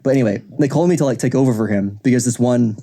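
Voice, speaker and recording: A man's voice: medium pitch, racing, warm tone. A young man co-hosting a podcast, telling a long story in a rambling, casual way with lots of swearing and fillers. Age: young adult. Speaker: podcast co-host. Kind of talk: casual chat.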